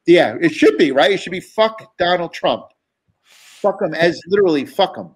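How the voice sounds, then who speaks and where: A man tells road stories as a guest, casual and profane. His voice sits a bit high for a man. He restarts sentences often and piles on fillers as he goes. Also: animated, brisk, slightly rough. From New York. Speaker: guest comedian. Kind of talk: casual storytelling.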